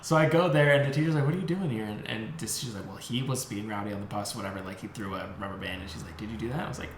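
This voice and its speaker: A man's voice: on the low side, rapid-fire, crowd noise. A young man co-hosting a podcast, telling a story in casual chat, swearing and acting out the voices of the people in it. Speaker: podcast co-host. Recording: echoey room with faint noise.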